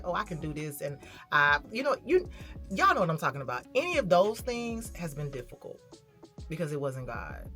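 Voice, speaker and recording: A woman's voice: sits low, fairly bright tone. A woman vlogging in a candid, reflective way, telling a personal story and talking straight to her viewers. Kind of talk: candid casual vlog talk.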